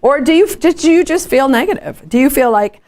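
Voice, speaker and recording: A woman giving a lively motivational workshop talk, telling stories with rhetorical questions. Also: high-pitched, fairly quick. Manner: animated storytelling, frequent rhetorical questions. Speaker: workshop speaker. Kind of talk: live motivational training talk.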